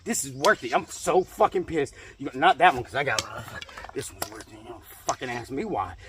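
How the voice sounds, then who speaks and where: A man's voice: mid-range voice, expressive, moderate pace, fairly bright tone, a little hiss or hum. A man in a comedic rant, angry and profane, swearing constantly and repeating himself. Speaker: comedic ranting character.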